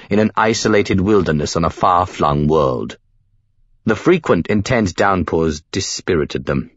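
Deep-voiced man reading a novel aloud. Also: no echo, lo-fi sound. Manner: measured storytelling delivery. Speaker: audiobook narrator. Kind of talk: scripted narration.

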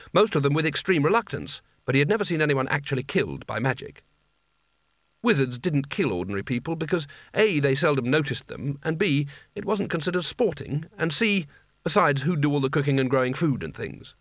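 A man's voice: fairly high pitch, expressive, brisk, a bit bright, no room sound. A man narrating a comic fantasy audiobook in a dry, wry storytelling manner. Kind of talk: scripted narration.

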